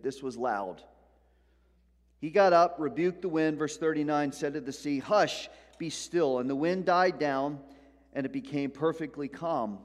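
A man preaching a sermon in a church, in a conversational way with joking asides to the congregation. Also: fairly high pitch. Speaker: pastor. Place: church sanctuary. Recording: long hall reverb.

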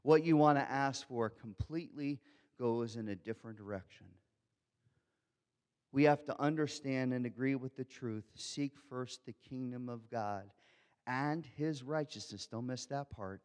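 A man preaching a sermon as a pastor, swinging from soft asides to loud, fervent outbursts. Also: medium pitch, a little slow. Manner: animated preaching, shifts from soft asides to loud shouted quotes. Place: large church hall. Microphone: handheld or headset microphone. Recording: long hall reverb.

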